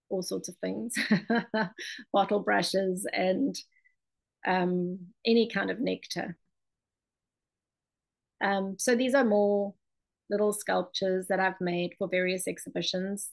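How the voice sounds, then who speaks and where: Gravelly woman presenting. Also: mid-range voice, low-quality recording. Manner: chatty, loose, with many ums and restarts. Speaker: ceramic and mosaic artist presenting her work. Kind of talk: presentation talk.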